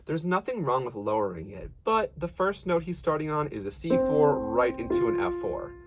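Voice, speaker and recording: A man's voice: fairly high pitch, big pitch swings, normal speed, soft background music. A man giving a casual, encouraging singing lesson, explaining technique and breaking off to demonstrate sounds and sung lines. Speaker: voice teacher.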